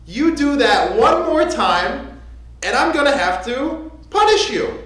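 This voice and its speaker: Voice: high voice, very animated, slow, fairly bright tone, pitched above the performer's own voice, full character voice. A rabbi playing an exasperated man scolding his parrot in a joke, in an echoey sanctuary. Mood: stern. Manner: scolding, stern. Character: exasperated pet owner, grown man.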